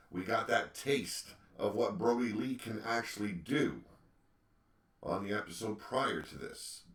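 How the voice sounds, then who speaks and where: A man's voice: lowish voice, fairly bright tone. A man hosting a solo opinion podcast, ranting with emphatic rhetorical questions. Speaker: podcast host. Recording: echoey room, distant mic.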